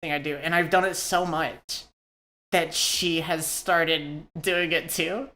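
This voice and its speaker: Woman podcast host, loose and profane, lots of restarts, a bit low-pitched. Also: fairly even intonation, slow pace, sharp tone. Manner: rambling, swears freely, many restarts. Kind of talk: casual podcast chat.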